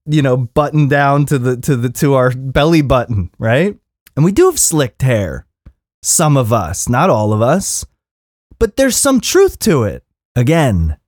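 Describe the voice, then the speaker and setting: Man, thirties, podcast host, ranting, profane, emphatic, lively swooping pitch, dry close mic. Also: no room sound. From Philadelphia area. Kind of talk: impassioned monologue.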